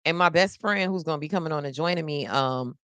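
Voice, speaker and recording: A woman hosting a casual live news-reaction stream. She talks straight to her viewers in an animated, chatty way, exclaiming often and repeating phrases for effect. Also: low-pitched, fast talker, clean tone, dry recording.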